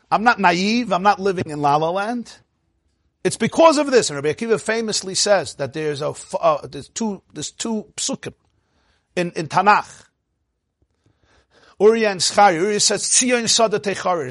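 Animated man giving a Torah talk. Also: high-pitched, no echo, clean studio sound. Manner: animated storytelling with laughs and Hebrew terms. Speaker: rabbi teaching. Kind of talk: Torah lecture.

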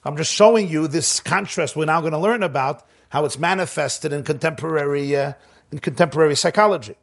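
A man teaching a Torah class. He reads the source text fast, translates it, then explains it with slow, emphatic phrasing and an occasional chuckle. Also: on the high side, creaky.

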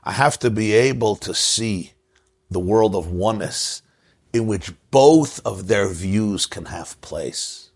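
A man's voice: on the low side, animated, slow, husky. A man giving a religious talk, telling a joke as a story and drawing a lesson from it. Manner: storytelling, rising to emphasis. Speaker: Jewish religious teacher. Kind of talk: sermon with a told joke.

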